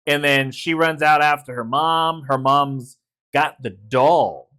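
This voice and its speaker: A man's voice: fairly high pitch, takes it slowly, pushed and bright. A man co-hosting a casual movie review, retelling scenes with quoted lines and frequent swearing. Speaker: podcast co-host.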